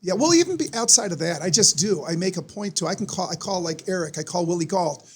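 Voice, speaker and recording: A former pro football player on a podcast, telling stories in a casual, animated way and acting out the voices of the people in them. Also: male voice, high-pitched, fast, breathy edge. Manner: animated, acts out voices in anecdotes. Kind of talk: casual storytelling.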